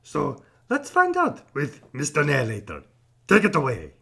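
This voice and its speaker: A performer voicing Max, an eager story-time mascot who greets children with a husky, gravelly voice. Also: mid-range voice, wildly swooping pitch, a little slow, bright, forceful tone, exaggerated voice. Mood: excited. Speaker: channel mascot host.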